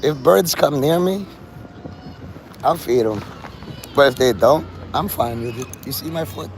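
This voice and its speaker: Audio quality is poor on this outdoor phone stream, where a man with a fairly high voice rambles unhurriedly in a plaza among tall city buildings. He's loose and jokey, swearing casually and talking to birds and viewers over the street ambience.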